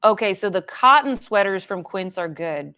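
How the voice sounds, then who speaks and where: A young woman hosts a relaxed livestream and reads viewer comments out loud. She talks in a loose, chatty way, full of fillers and small laughs, at a middle pitch. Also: normal speed, smooth. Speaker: livestream host. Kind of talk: casual livestream chat reading comments.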